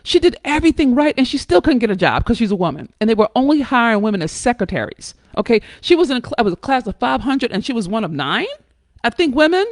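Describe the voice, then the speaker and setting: A woman hosting a live stream, talking in an emphatic, blunt and profane way, with sudden jumps up in pitch and loudness and frequent check-ins with her listeners. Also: very animated, fast talker, dry recording, studio quality. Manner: coaxing, checks in with listeners often. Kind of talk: impassioned live-stream talk.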